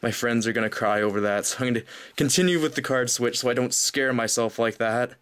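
A young man narrating a card pack opening off camera, talking casually and growing breathless with excitement. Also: medium pitch, fairly quick, smooth. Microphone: off-camera voice, hands at table.

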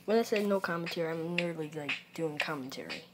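A woman giving casual gameplay commentary, excitable and prone to yelps and shouts at the game, recorded with a phone screen recorder. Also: sits low, quick pace, heavy background noise. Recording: game music playing underneath.

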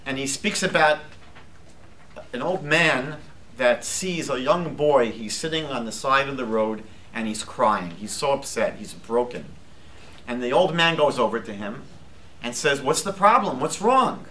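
Lively bright-voiced man teaching a class. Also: mid-range voice, measured pace, a little hiss or hum. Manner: lively, asks the class questions, jokes lightly. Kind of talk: lecture to a live group.

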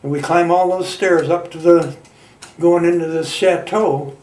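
Halting, folksy old man in his nineties. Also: a little high, steady tone, a little mellow, roomy sound, distant mic. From Michigan, United States. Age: 90s. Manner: halting, folksy storytelling with colloquial grammar. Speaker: veteran interviewee. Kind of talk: oral history reminiscence.

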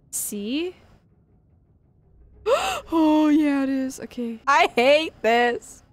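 A woman's voice: high voice, drawn-out words, long pauses, noisy background. A woman streamer giving nervous, jumpy let's-play commentary, swearing often and gasping at every scare. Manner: jumpy, nervous, swears a lot, frequent gasps. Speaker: gaming streamer.

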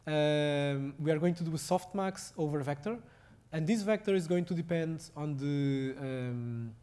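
Portuguese-accented male lecturer, halting delivery. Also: a little high, mellow, smooth. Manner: halting, many fillers and restarts. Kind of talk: technical lecture.

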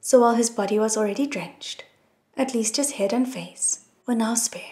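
A woman narrating an audiobook in an expressive, soft reading style. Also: a little high, moderate pace. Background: soft music.

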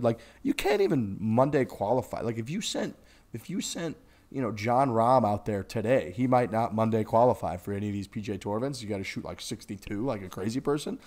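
A man co-hosting a golf podcast, talking in a rambling, profane, animated way about the tour. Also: medium pitch. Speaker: podcast co-host. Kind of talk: casual golf podcast chat.

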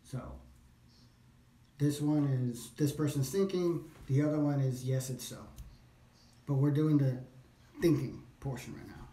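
A man works through a language course out loud, drawing phrases out slowly and repeating them. His voice is mellow and middle-pitched. The room around him gives it a noticeable echo. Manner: repeats phrases slowly, thinks aloud, self-corrects. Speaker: language learner. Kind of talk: practicing along with a language course. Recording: echoey room.

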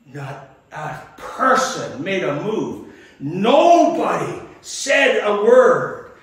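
An older male pastor with a fairly high voice gives a folksy, rambling sermon full of chuckles and restarts. He sounds a bit far from the microphone, and his words ring through a very echoey church hall. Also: very animated, extremely slow.

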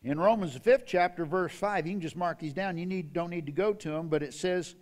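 An older man preaching a sermon in a church, reading scripture with slow, dramatic emphasis. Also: high voice, a little mellow. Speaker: pastor. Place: church sanctuary.

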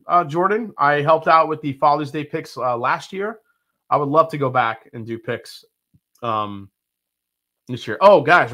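Guy hosting a live whiskey stream, bright voice, chatty, reads comments out and laughs a lot. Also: mid-range voice. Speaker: host of a live bourbon stream. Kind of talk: casual live-stream chat.

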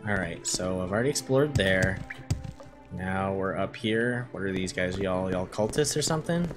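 A man streaming a game, rambling and reacting loudly to surprises in casual commentary. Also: low voice, expressive, normal speed. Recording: game music behind voice.

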